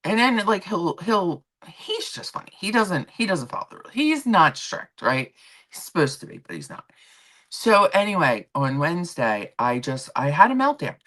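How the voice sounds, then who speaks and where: A woman hosting a livestream, chatting casually and telling an animated story from work, acting out the people in it. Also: on the low side, moderate pace. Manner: animated storytelling with quoted voices; rambling with restarts and asides to chat. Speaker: livestream host. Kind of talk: casual chat. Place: home.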